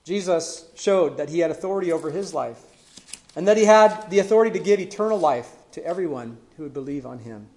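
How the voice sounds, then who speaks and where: A man preaching a sermon, retelling scripture stories earnestly and letting his voice fall to a hush at the ends of phrases. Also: fairly high pitch, lively intonation, fairly quick.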